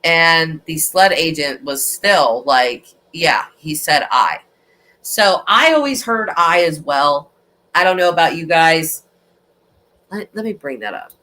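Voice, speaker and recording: A woman's voice: low voice, measured pace. A woman hosting a true crime livestream, chatting casually and rambling with lots of restarts. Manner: rambling, animated, with frequent restarts. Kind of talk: casual chat.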